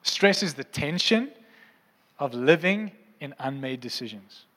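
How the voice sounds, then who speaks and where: A man's voice: fairly high pitch, expressive, a little slow, a bit bright, long reverb tail. A male preacher giving a conversational sermon who keeps checking in with the congregation. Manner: conversational, asks the crowd often. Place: church hall.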